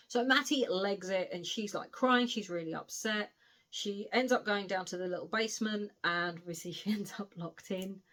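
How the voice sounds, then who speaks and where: A woman's voice: mid-range voice, moderate pace, fairly bright tone. A woman giving a casual spoken book review, recounting the plot in a chatty way with frequent asides.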